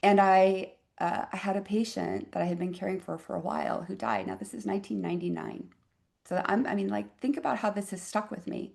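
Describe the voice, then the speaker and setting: A woman physician in her fifties, a podcast guest telling a personal story in a reflective, expressive way with wry asides. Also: mid-range voice, a little fast, creaky. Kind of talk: conversational interview storytelling.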